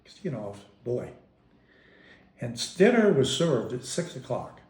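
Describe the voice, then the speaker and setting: A man's voice: mid-range voice, sing-song, moderate pace, a little mellow. Rambling man recalling family, roomy sound. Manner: rambling, self-interrupting, amused storyteller. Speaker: interviewee. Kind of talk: casual reminiscing. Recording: roomy echo.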